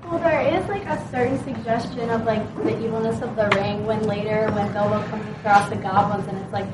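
A woman's voice: mid-range voice, steady tone, a little fast, heavy background noise. A woman student speaking up in a classroom discussion, tentative and full of "like"s. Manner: tentative, with many "like"s. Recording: distant, echoey classroom audio.

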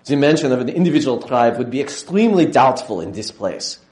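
A stern, dismissive old German scholar speaks with a German accent, as a lecturing man puts him on. His formal verdict sounds at a middling pitch, carried by a roomy echo. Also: big pitch swings, fairly quick, darkish tone, lightly acted.

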